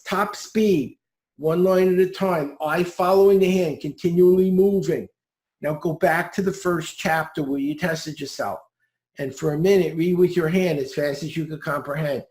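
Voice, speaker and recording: A man's voice: sits high, a little mellow, reverberant. A man who is a guest on a podcast, teaching speed reading. He gives direct, upbeat, step-by-step instructions.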